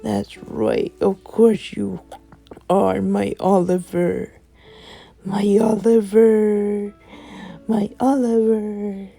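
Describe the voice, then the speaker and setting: A woman voicing a gentle, affectionate male imp who is an adoptive father, speaking in a tender, soothing way. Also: high voice, flat delivery, very slow, gravelly, soft background music, exaggerated voice. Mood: doting.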